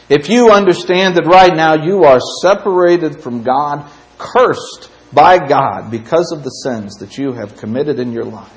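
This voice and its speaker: A man preaching a sermon in church, impassioned, swinging between loud emphatic stretches and quiet ones. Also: mid-range voice, poor audio. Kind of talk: sermon with invitation.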